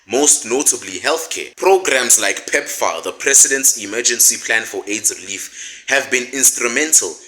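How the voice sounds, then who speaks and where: Sarcastic political commentator. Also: male voice, medium pitch, lively intonation, normal speed, sharp tone, rough recording. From South Africa. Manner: sarcastic, rhetorical questions, indignant.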